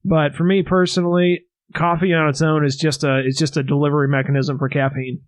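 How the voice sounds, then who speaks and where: A man's voice: fairly high pitch, level tone, a little fast, no echo. A man hosting a casual sauce-tasting podcast, joking and swearing freely as he chats with friends. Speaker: podcast host. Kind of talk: casual chat.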